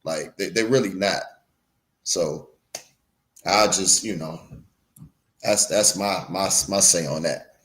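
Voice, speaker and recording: A man appearing as a guest on a livestream talk show, earnest and halting, often trailing off into a low voice. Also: fairly bright tone. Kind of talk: livestream commentary.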